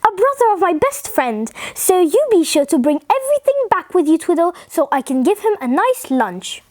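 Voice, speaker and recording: A woman's voice: extremely high pitch, very animated, normal speed. A woman voicing a bossy housewife giving firm orders. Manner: instructing firmly.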